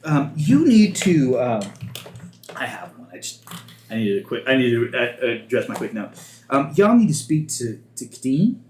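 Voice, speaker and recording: A man's voice: medium pitch, big pitch swings, normal speed, darkish tone, reverberant, a little hiss or hum. A man narrating as game master in a rambling way, with many restarts.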